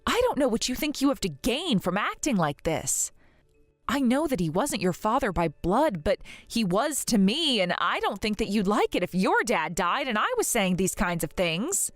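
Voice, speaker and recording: A grieving young wife, voiced by a woman in an animated story drama, earnest and wounded as she pleads. Her pitch moves in lively swings. The voice is dry and close over faint music. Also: moderate pace, no room sound, lightly acted. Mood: pleading.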